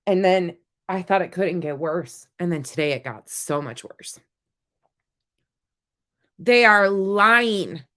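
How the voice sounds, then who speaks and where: A woman's voice: fairly low pitch, fairly bright tone. A woman hosting a livestream, talking to her chat in a heated, swearing, casual way. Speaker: livestream host.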